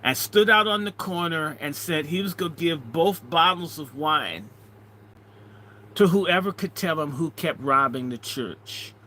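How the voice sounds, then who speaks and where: A middle-aged man, a minister, telling a story in an animated way, swinging between loud and hushed. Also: a little high, slight background noise. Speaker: minister and speaker. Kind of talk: storytelling talk.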